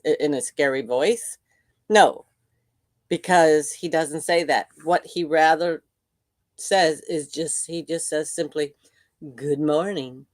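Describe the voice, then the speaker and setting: Older woman host, chatty, deep slow voice, dry close sound. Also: dry recording. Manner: chatty, reacting to viewer comments. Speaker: livestream host. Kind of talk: casual chat.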